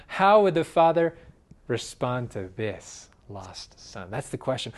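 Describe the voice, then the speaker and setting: A man preaching a sermon in an earnest way, swinging from loud emphasis to hushed, quiet phrases. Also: mid-range voice, big pitch swings, measured pace. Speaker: pastor.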